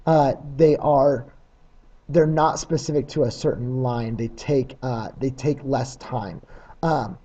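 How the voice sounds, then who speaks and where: A man's voice: medium pitch, warm tone, dull audio. A man teaching a recorded test-prep lesson in a plain, practical way, with frequent uhs and ums.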